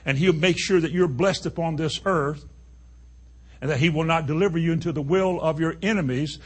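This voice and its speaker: Preacher guy, kinda husky and a bit high, firing questions at the church. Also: moderate pace. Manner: emphatic, rhetorical questions to the congregation. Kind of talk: sermon.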